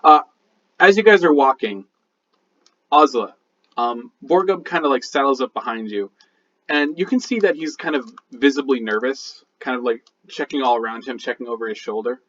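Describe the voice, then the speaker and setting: A man's voice: mid-range voice, animated, moderate pace, a bit bright, a little hiss or hum. A man narrating a tabletop game as dungeon master, rambling with lots of fillers and restarts. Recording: dull lo-fi sound.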